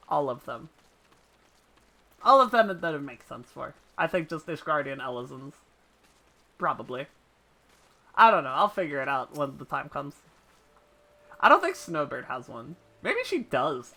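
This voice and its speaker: A man's voice: fairly high pitch, gravelly, bright, forceful tone, poor audio. A man streaming a video game live and chatting casually, with joking, profane asides and frequent laughter.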